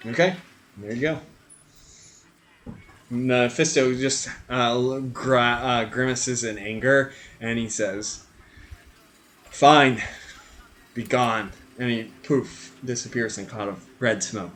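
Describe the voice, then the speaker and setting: Man running a tabletop game, halting. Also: mid-range voice, a little hiss or hum. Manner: relaxed, halting narration with many fillers. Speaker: game master. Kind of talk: narrating a tabletop game over a call.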